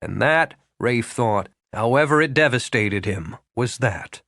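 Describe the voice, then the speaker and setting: A man reading a romance audiobook aloud, with expressive storytelling. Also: mid-range voice, unhurried, creaky, dry recording, clean studio sound. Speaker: audiobook narrator. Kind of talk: scripted narration.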